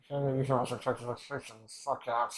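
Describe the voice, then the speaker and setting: A man's voice: mid-range voice, flat delivery, fast talker, rough recording. A man reacting to an anime episode in rambling, emotional casual commentary, swearing often and restarting his sentences.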